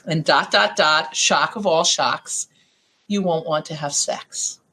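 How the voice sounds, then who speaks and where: A middle-aged woman life coach telling stories in a podcast interview, animated and often acting out the voices of the people she quotes. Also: deep voice, slow, slight background noise.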